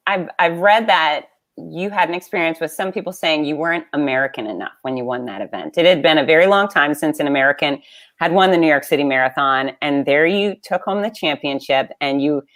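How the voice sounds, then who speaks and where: A woman's voice: sits low, a bit bright. A woman hosting an interview, asking questions and affirming her guest with enthusiasm. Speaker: interview host.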